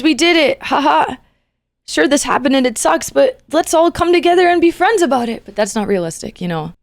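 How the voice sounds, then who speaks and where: A woman's voice: mid-range voice, creaky, darkish tone, dry recording. A woman streamer talking earnestly and casually to her chat, rambling and soothing with the odd joke.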